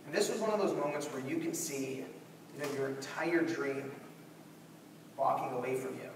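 A young man giving a storytelling keynote in a large conference hall, animated and acting out scenes. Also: mid-range voice, normal speed, background noise. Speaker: keynote speaker. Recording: echoey hall from far off.

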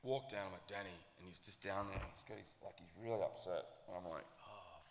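A man, a festival promoter telling a lively, profane anecdote on a panel and acting out the voices in it. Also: deep voice, quick pace, creaky. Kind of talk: animated storytelling with quoted dialogue. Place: large hall with audience. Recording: echoey hall, faint noise.

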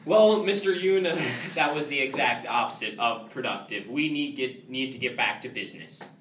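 A man's voice: mid-range voice, animated, normal speed, lightly acted. A young man playing a blunt, dismissive company boss interviewing applicants in an amateur comedy sketch. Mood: businesslike. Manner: dry and dismissive, turning insulting. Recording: roomy, distant, faint background noise.

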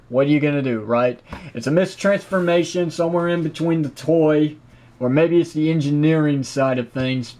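A man's voice: a little high, darkish tone. A man reviewing a toy on camera in a chatty, opinionated and enthusiastic way, filling his talk with "you know". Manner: enthusiastic, with frequent praise. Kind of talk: casual product review to camera.

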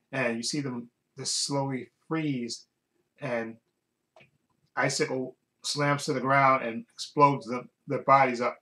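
A man's voice: mid-range voice, bright, forceful tone, rough recording. A man casually recapping a TV episode as a reviewer, rambling and often restarting while he searches for words.

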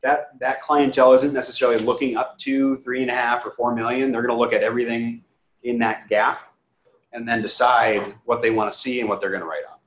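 Animated man telling sales stories. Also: medium pitch, a little fast, slight background noise. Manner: animated, acts out both sides of conversations. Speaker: real estate agent giving a training talk. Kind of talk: casual storytelling talk. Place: training room. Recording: echoey room.

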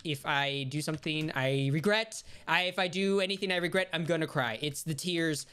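A woman streamer giving casual commentary over her gameplay, talking to herself and swearing and yelling when she gets frustrated. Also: sits low, moderate pace, clean tone. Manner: talks to herself while playing. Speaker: gaming streamer.

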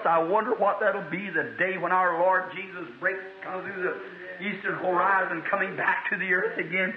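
A man's voice: sits high, flat delivery, normal speed, a crowd in the background. Man, revival preacher, fervent folksy storytelling, thin narrow archival sound, big reverberant room. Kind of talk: revival sermon. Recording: tinny archival hall recording.

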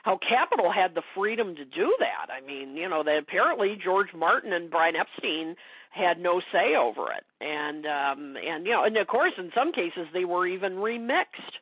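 A woman's voice: lowish voice, very animated, moderate pace, breathy edge, no room sound. A woman speaking as a guest expert in a casual interview chat, talking with many fillers and restarts. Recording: dry phone-like call audio.

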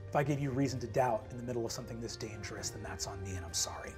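A man voicing a rough but caring adult woman ranger who talks earnestly, swears freely and hurries through apologies. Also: mid-range voice, racing, music in the background, voice pushed down, close to an everyday voice. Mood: rallying.

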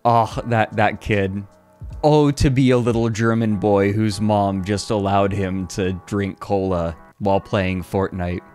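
An American man chatting casually on a livestream, playful and quick to laugh. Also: lowish voice, soft background music. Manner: laughs a lot, playful, lively. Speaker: streamer.

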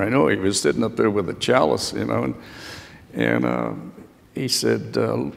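On an auditorium panel, an older man who received the Medal of Honor tells childhood stories to students, rambling folksily with frequent fillers. His voice is lowish with big pitch swings, a measured pace and vocal fry, and the hall sounds echoey.

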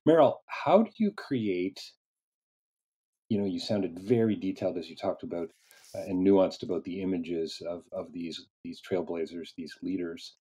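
A low, husky male host leads an interview over a video call. He talks in an earnest, halting way and keeps restarting his sentences. His voice is dark and mellow.

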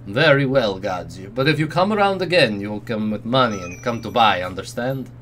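A man voicing a burly Romani patriarch in his late sixties, a gruff arms dealer, in a thick put-on foreign accent for a video game let's play. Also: lowish voice, expressive, a little fast, fairly bright tone, a little hiss or hum. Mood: stern warning. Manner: stern, over-the-top foreign accent.

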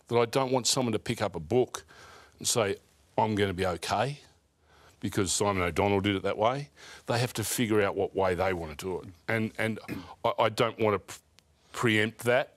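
A low-voiced Australian man in his fifties talks reflectively in an interview, often restarting his phrases. The sound is dry and close. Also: no echo. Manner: thoughtful, halting, with many repeated words. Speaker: interview guest, former cricketer.

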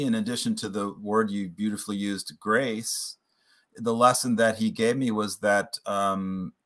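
Brief: man, interview guest, low pitch, bright tense edge, earnest storyteller. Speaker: podcast guest, playwright and author.

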